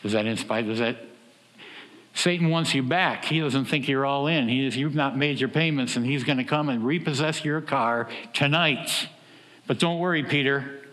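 Man, preacher, sermon, animated delivery, mid-pitched voice, long hall reverb. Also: moderate pace. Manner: animated, acts out quoted voices with big swings in pitch and loudness.

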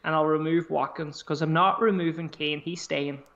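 A man's voice: fairly high pitch, steady tone, moderate pace, vocal fry, a bit bright, lo-fi sound. A man co-hosting a casual podcast chat, swearing freely as he talks through his squad choices aloud. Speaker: podcast co-host. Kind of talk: casual fantasy football chat.

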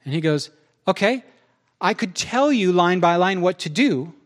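A man's voice: high-pitched, animated, moderate pace. A male pastor preaching a sermon, acting out both sides of his conversations with God.

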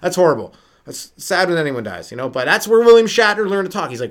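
Rambling, animated male comedian. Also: high voice, fast talker. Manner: rambling, riffing, lots of fillers and sudden voice jumps. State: sleep-deprived. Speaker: stand-up comedian and podcast host. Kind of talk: solo comedy podcast rant.

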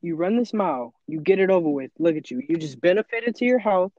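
A man's voice: sits high, expressive, quick pace, darkish tone, no room sound, muffled recording. A teenage boy in casual chat, earnest and motivational, often acting out his own inner voice. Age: teens. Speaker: podcast co-host.

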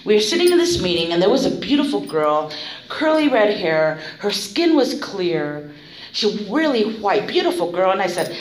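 A woman's voice: fairly high pitch, sing-song, normal speed. A middle-aged woman shares her story at a recovery meeting, blunt and full of swearing. Her voice rises and falls widely as she laughs her way through it. The room around her sounds echoey.

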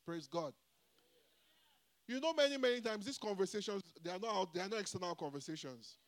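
A man with a high voice preaches a sermon. He is emphatic and often calls out to the congregation to answer back. His loudness and pace swing from line to line. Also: expressive, fairly quick. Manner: call-and-response, repeatedly asking the congregation "Hello?".

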